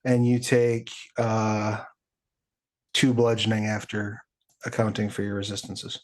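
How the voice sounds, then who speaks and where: A man's voice: on the low side, measured pace. Chuckling man running a tabletop game. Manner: relaxed, chuckling, rules-focused. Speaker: game master.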